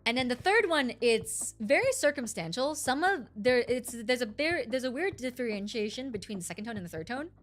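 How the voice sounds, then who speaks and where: Animated woman streamer, lively pitch. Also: brisk, few pauses, faint music behind. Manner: animated, rambling, self-correcting. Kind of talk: casual explaining to chat.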